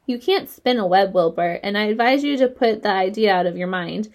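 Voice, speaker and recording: A wise and kindly spider in a storybook, calm and measured, explaining things with patient, gently teasing ease, voiced by a woman reader. Her voice sits close to the narrator's own, just a touch steadier and lower. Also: lightly acted.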